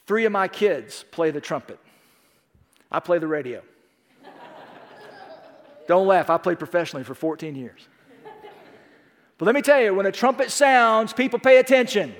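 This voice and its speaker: Middle-aged male pastor, high voice, emphatic folksy sermon, big reverberant sanctuary. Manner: emphatic, folksy storytelling with rhetorical questions. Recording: long reverb of a large hall.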